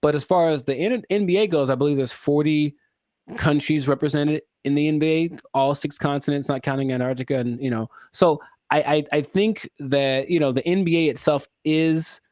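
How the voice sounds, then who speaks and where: A man's voice: a little high, normal speed, darkish tone, no room sound, clean studio sound. A man hosting a podcast, chatting casually and riffing playfully. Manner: playful, riffing, self-correcting. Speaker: podcast host.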